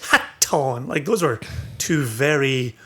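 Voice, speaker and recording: A man from southwest Scotland with a Scottish accent softened toward American, co-hosting a casual podcast chat in a wry, teasing way. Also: mid-range voice, expressive, unhurried. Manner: wry, teasing, laughs often. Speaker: podcast co-host.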